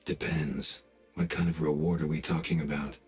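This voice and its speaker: A gruff monster hunter in a video game, speaking in short, dry, blunt lines. His voice sits very low and heavy. Faint game music plays underneath. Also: little pitch movement, normal speed. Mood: businesslike. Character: gruff middle-aged male monster hunter, curt and wry. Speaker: witcher for hire.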